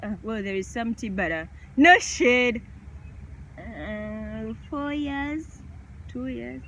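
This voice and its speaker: A woman's voice: on the high side, animated, slow pace, fairly bright tone, a little hiss or hum. A woman vlogger chatting casually through a question game, laughing often.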